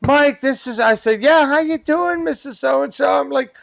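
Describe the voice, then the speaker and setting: A man's voice: very high-pitched, moderate pace, gravelly, a bit bright, dry recording. A man telling a funny customer story in a casual podcast chat, acting out the quoted voices and laughing often. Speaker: guest, pest control worker.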